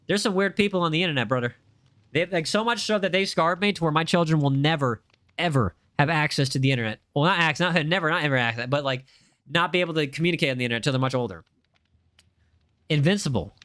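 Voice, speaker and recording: A young man hosts a casual livestream, joking and bickering with his chat. His voice is bright and sits a little high for a man. The sound is close and dry, with no room around it. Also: dry recording. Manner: playful, defensive banter with chat. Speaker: livestream host.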